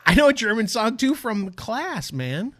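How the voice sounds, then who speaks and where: A man co-hosting a podcast in excitable casual chat, quick to laugh. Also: high voice, noisy background. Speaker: podcast co-host.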